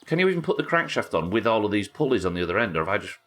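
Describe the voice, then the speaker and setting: Man, british accent, very low voice, casual stream chatter, swears, faint background music. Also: sing-song, racing, a bit bright. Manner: chatty, swears, reads chat aloud. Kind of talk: casual gameplay chat.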